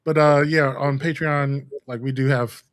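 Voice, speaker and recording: A relaxed man co-hosting a live talk show, chatting loosely and laughing often. He fills his pauses with ums and uhs, at an ordinary middle pitch. His voice is recorded dry, with no room echo. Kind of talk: casual chat.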